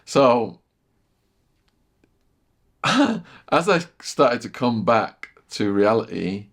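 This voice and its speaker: A middle-aged man telling a vivid story as a podcast guest, repeating phrases and sinking to a hushed near-whisper at tense moments. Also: mid-range voice, big pitch swings, extremely slow. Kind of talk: storytelling in casual chat.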